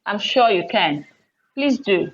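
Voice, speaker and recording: In an online English lesson on word stress, a woman teacher patiently explains the rules and repeats example words loudly with raised pitch. She takes it slowly with lively intonation, and the highs in the audio are cut off.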